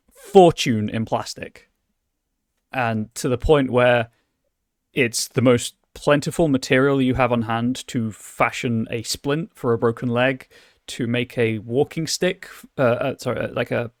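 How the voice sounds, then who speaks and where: A man narrates a tabletop game as game master, his mid-pitched voice halting and restarting as he searches for words. The sound is dry and close, with no room around it. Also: no room sound. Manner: halting, many restarts and fillers.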